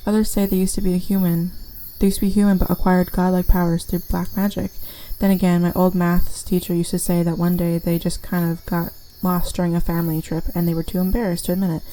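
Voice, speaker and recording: A woman's voice: fairly low pitch, level tone, quick pace, hardly any pauses, dark tone, lightly acted, low-quality recording. A woman voicing a folksy, rambling old man who is stuck up a tree and keeps chatting, reading game dialogue aloud.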